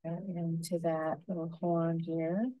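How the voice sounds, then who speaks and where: A woman giving a gentle, unhurried painting tutorial, talking through each brushstroke as she works. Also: lowish voice, level tone, phone-quality sound. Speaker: painting instructor.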